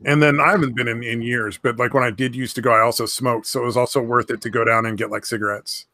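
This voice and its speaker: Bright, dry-sounding man in loose chat. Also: mid-range voice, steady tone, quick pace, no echo. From near San Francisco. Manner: loose, profane, rambling. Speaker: podcast co-host. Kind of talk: casual crude chat.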